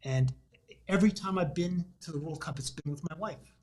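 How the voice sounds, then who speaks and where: A sad older widower sits beside an empty seat and answers in a subdued, matter-of-fact way, voiced by a man telling a joke. He sounds plain and deadpan. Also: a little high, brisk, lightly acted. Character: sad older widower at soccer final, quiet.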